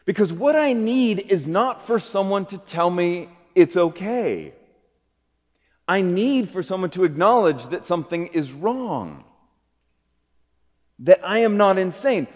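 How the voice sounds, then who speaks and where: A middle-aged man preaching a sermon as a pastor, earnest, rising to emphatic peaks and dropping to soft low phrases. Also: expressive, a little slow. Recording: long hall reverb.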